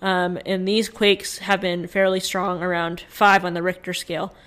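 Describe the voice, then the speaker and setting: A woman's voice: fairly low pitch, flat delivery, normal speed, fairly bright tone. A woman co-hosting a casual podcast, sharing news stories in a chatty way with plenty of fillers. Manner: chatty, reads from notes with fillers. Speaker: podcast co-host.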